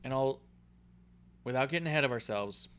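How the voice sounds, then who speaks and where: Male co-host, casual and animated, salty language, quotes others as he goes. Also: mid-range voice, moderate pace, clear, resonant tone. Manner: excitable, swears, acts out quotes. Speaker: podcast co-host. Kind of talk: casual wrestling chat.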